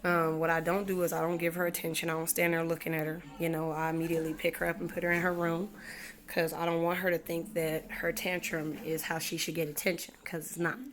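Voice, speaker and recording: A young mother talks in a loose, chatty way, filling her sentences with "you know" and repeating herself. Her voice sits a little low for a woman. She is recording casually at home. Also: flat delivery, quick pace. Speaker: mother vlogger. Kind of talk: casual parenting vlog. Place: at home indoors.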